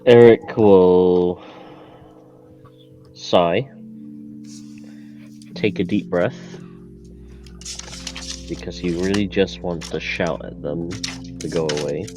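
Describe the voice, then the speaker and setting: Deep, slow-talking man player. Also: steady tone, mellow, faint music behind. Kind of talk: tabletop game play.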